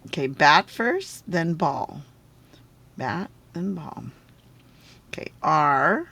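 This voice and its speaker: Slow, patient woman teaching phonics. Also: low voice, expressive, vocal fry, a bit bright, husky. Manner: patient, sounds out syllables and checks in with "okay?" and "right?". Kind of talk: phonics lesson video.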